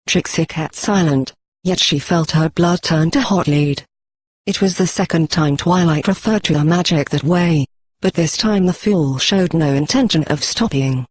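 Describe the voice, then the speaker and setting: A text-to-speech male voice narrating a fan story with an even, machine-read delivery. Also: fairly high pitch, unhurried, breathy edge, no echo. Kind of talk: synthetic audiobook narration.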